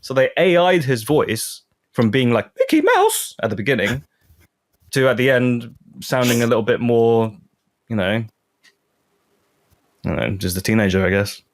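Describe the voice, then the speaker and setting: A man's voice: medium pitch, moderate pace, pauses often. Playful chatty male podcast co-host. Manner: chatty, playful, prone to voices and laughs. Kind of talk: casual chat.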